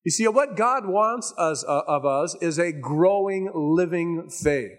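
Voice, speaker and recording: A man preaching a sermon in a conversational, storytelling way, slowing down to stress his key points. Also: fairly high pitch. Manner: conversational storytelling, folksy asides; emphatic, slows down on key points. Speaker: pastor.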